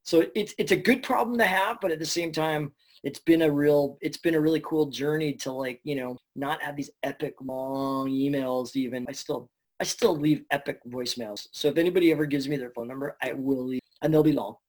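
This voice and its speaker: A man, a voice actor, telling stories in a casual interview, chatty and animated, swearing now and then. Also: on the high side, fairly quick, few pauses. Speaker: voice actor guest.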